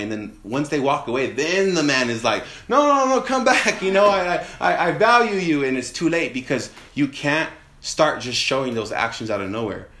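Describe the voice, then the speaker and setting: A man preaching a sermon in an animated way, asking rhetorical questions and acting out quoted voices. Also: mid-range voice, roomy sound.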